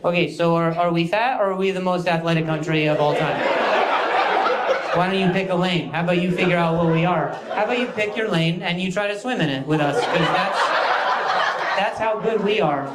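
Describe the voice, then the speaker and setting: Sex: man. Role: stand-up comedian. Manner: sarcastic, mock-boastful. Pitch: high. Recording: echoey stage, loud noise. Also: fairly quick.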